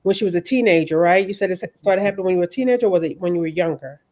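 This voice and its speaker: A woman's voice: lowish voice, very fast, dark tone. A woman co-hosting a podcast, jumping in eagerly with follow-up questions for her guest. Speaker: podcast co-host. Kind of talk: conversational interview.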